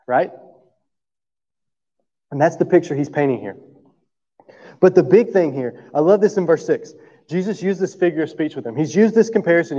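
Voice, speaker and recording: Preacher with a mellow voice in a hall. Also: male voice, a little high. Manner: conversational preaching with frequent "right?" check-ins. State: coughing through the talk. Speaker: pastor. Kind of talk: sermon. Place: church sanctuary. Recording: dull sound with long hall reverb.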